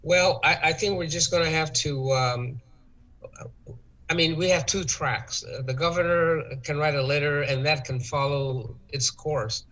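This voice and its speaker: A man answering interview questions in a measured, hesitant way, with many ums and uhs. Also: a little high, sharp tone, low-quality recording. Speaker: interview guest, tourism official. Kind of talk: talk-show interview.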